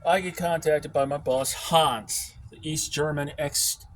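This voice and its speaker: An American man telling a work story as a casual, profane, animated rant. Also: on the high side, a little slow, slight background noise. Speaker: field service technician.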